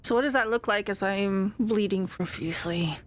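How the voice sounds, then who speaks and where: A woman player in a tabletop game reminds the table of her bonuses in a plain, matter-of-fact way. Her voice sits at a medium pitch, and her delivery is casual. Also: normal speed, slight background noise.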